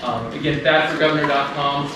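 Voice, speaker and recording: A man candidate giving an upbeat, enthusiastic campaign pitch at a meeting. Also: fairly even intonation, brisk. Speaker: political candidate. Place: meeting room. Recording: echoey room, distant mic, loud noise.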